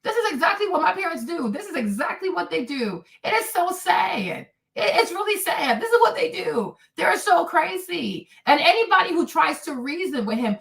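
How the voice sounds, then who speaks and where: High-voiced woman in her forties ranting. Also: moderate pace, vocal fry, hardly any pauses. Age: 40s. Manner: emphatic and animated, swinging between shouting and low asides. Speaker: livestream host. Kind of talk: candid solo livestream rant.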